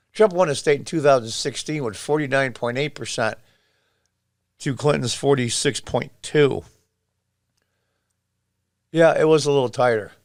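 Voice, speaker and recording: A man's voice: medium pitch, no echo, clean studio sound. A man in his sixties from upstate New York gives emphatic casual political commentary, repeating himself as he reacts to footage. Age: 60s. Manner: emphatic, repetitive, exclaims over footage.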